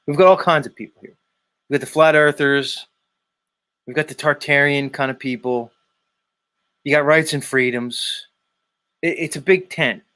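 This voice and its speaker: A man's voice: on the high side, fairly even intonation, normal speed, pauses often, bright, forceful tone. A man hosting a daily live stream, reading viewer comments aloud and teasing commenters by name in a rambling, casual way. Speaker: livestream host reading chat.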